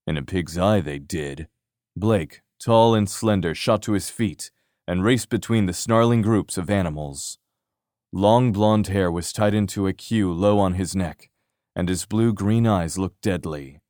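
Deep-voiced male audiobook narrator. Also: measured pace, a little mellow, no room sound, studio quality. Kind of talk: scripted narration.

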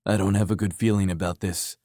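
A man voicing a tense male soldier under pressure in an audiobook, low and wry, muttering. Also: fairly even intonation, a little fast, warm tone, dry recording, clean studio sound, close to an everyday voice.

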